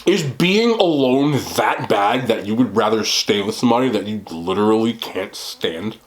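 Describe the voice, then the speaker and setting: A man hosting a mukbang, chatting casually while eating, talking in an animated way with loud bursts. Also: on the low side, normal speed. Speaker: mukbang host.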